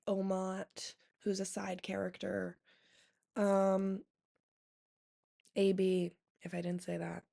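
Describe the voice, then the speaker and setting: A woman's voice: mid-range voice, mellow. A young woman vlogger telling a long personal story in a rambling casual chat, full of fillers and swearing. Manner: rambling, heavy use of "like" and "um", profane.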